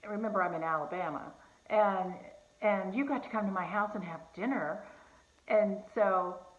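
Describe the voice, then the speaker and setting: A woman's voice: medium pitch, normal speed. A woman recounts a personal testimony in an earnest, chatty way, stopping and restarting her sentences. Her voice sits in a middle register and carries a noticeable room echo. The recording sounds a little dull and muffled. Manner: conversational, earnest, with fillers and restarts. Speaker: host sharing a personal testimony. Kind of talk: casual testimony storytelling.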